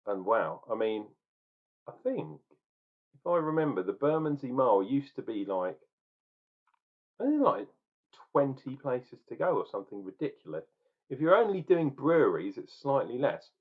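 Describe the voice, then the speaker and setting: A man's voice: mid-range voice, lo-fi sound. A chatty middle-aged man from England reviewing a beer, rambling and joking in a casual tasting vlog. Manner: chatty, jokey, rambling asides.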